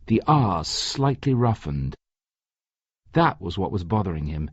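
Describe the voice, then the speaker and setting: A man narrating an audiobook in a slow, deliberate reading. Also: sits low, very animated, slightly rough, dry recording. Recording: dry, slightly muffled recording.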